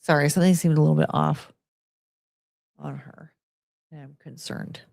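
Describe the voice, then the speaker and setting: A woman's voice: deep voice, fairly even intonation, normal speed, gravelly, a little mellow, no echo, studio quality. A young woman hosting a casual livestream, chatty and rambling, slipping into baby talk with her dog. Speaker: livestream host.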